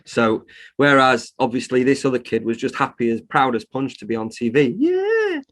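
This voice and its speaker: A man's voice: medium pitch, sing-song, normal speed, fairly bright tone. A man who runs a reptile shop, talking heatedly in a casual podcast interview, swearing freely as he rants. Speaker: reptile shop owner, guest.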